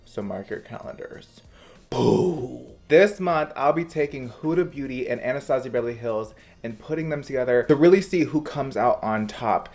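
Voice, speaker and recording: A young man hosting his makeup channel, talking in an animated, emphatic and playful way. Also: medium pitch, a little fast, hardly any pauses. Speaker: beauty vlogger. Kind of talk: upbeat vlog intro.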